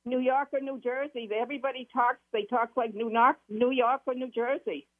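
A woman's voice: fairly high pitch, fairly even intonation, moderate pace, no echo. A woman caller with a Massachusetts accent, chatting effusively on a call-in radio show. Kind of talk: call-in chat. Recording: phone line.

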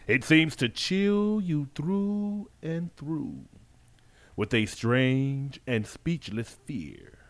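A man on a radio show, bantering and reading a poem aloud in a playful, drawn-out way. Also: medium pitch. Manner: playful, draws out words for spooky effect. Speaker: radio co-host.

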